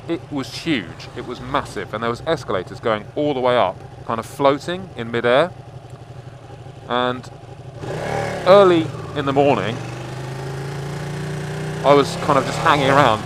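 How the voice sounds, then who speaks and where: A man's voice: mid-range voice, noisy background. A man vlogging from inside a car, casually telling a long story and swearing freely. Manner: swears freely, rambling anecdote.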